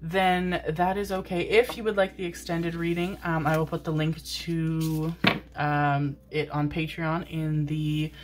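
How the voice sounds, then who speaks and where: A woman's voice: deep voice, level tone, unhurried, a little hiss or hum. A woman giving a casual tarot reading to the camera, affectionate and rambling, calling her viewers "my babies". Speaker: tarot reader. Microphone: desk microphone, seated in a chair.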